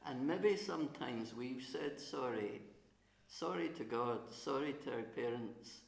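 A middle-aged minister with a chesty cough, telling a gentle story to children during a church service, with frequent pauses. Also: male voice, mid-range voice, lively intonation, gravelly. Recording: roomy church acoustics.

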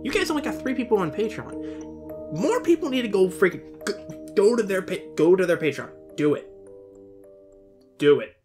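A man's voice: sits high, very animated, moderate pace, long pauses, darkish tone, soft background music. A man hosting a casual video reaction, chatty and openly emotional, who exclaims and swears often. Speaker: reaction channel host.

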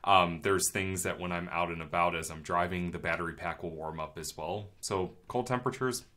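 A male podcast co-host in easygoing casual chat. His voice is very low and deep. It has a bright, forceful edge. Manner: easygoing, agreeable, quick to laugh.

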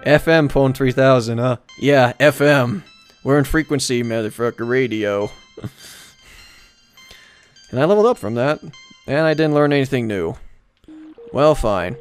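A man's voice: mid-range voice, a little slow, long pauses, clear, resonant tone, faint music behind. A man giving casual, joking live commentary while streaming a game, rambling and swearing now and then. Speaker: let's-play streamer.

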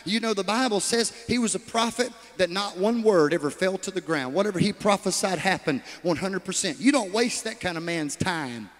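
A man preaching a sermon, swinging from shouts to hushed asides and calling out to the congregation. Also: high voice, normal speed, hardly any pauses, in a large hall. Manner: calls out to the congregation.

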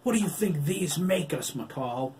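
A tearful young wolf boy pushed high and strained, his voice cracking with emotion, as a man puts him on for a storybook reading. The voice sounds set back from the microphone. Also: lively intonation, a little slow, a little mellow, distant mic, a little hiss or hum. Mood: anguished. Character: distraught young male wolf boy, near tears.

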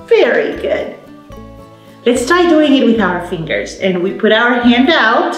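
A woman running a baby storytime, talking slowly and in a sing-song way to little ones, dropping in Spanish words as she counts and sings. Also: a little high, sing-song, roomy sound, soft background music. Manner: slow, sing-song, encouraging, talks to babies. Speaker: children's librarian. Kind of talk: baby storytime with rhymes and songs.

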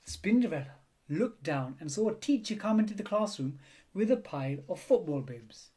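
A man reading a children's picture book aloud in an expressive storytelling manner. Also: sits high, moderate pace, husky. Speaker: storybook reader.

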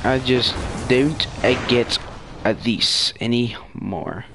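A man's voice: mid-range voice, takes it slowly. A man narrating his own online gameplay, swearing, taunting opponents and ranting in frustration. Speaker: gamer playing online. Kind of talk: live gameplay commentary. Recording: noisy gameplay capture.

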